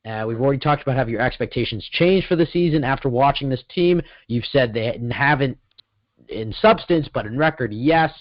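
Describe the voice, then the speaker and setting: A man's voice: medium pitch, lively intonation, no room sound. A man co-hosting a casual sports podcast, rambling and correcting himself as he talks. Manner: rambling, self-correcting, quick bursts. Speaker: podcast co-host. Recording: dull lo-fi sound.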